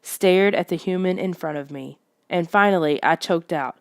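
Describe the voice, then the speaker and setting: A woman reading a first-person story aloud in steady, even narration. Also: lowish voice, normal speed, dry recording, clean studio sound. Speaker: audiobook reader.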